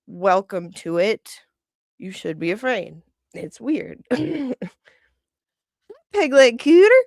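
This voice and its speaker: A woman's voice: mid-range voice, a bit bright, dry recording, studio quality. A woman in her forties hosting a casual livestream, rambling, chuckling often and reading out viewer comments. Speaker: livestream host.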